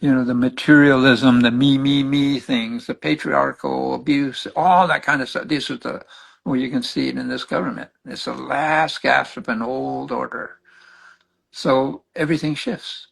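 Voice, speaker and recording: Gravelly older man counseling. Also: mid-range voice, normal speed, rough recording. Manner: animated storytelling, acts out clients' words. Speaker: spiritual counselor, guest. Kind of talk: conversational teaching.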